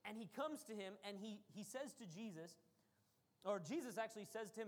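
A woman's voice: mid-range voice, fairly quick. Female preacher, storytelling sermon delivery that swings to emphatic peaks, long hall reverb. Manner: animated storytelling, rising to emphatic bursts.

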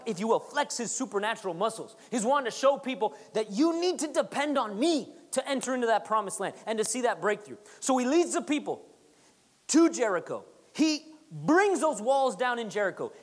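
Lively pastor preaching in an echoing hall. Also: mid-range voice. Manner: conversational, repetitive emphasis, teasing asides. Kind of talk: sermon. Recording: long reverb of a large hall.

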